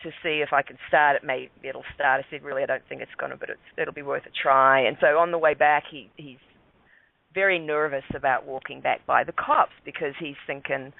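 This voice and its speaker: Man, higher voice, rambling radio-guest story over a dry phone line. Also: steady tone, fairly quick, creaky, no room sound. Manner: rambling, many fillers and restarts. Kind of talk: casual storytelling.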